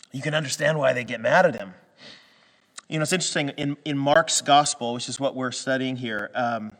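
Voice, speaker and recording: This sermon comes from a pastor in western Canada who talks conversationally, restarting and using fillers as he builds toward emphatic peaks. His voice is fairly high and sharp-toned, with long reverb.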